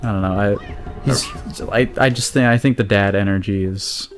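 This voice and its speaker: A man with a fairly low voice, chatting while playing a game. He rambles, trips over his words and starts sentences again. Faint music plays under his talk. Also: moderate pace. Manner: rambling, hesitant, full of restarts. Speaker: co-host. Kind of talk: casual gaming chat.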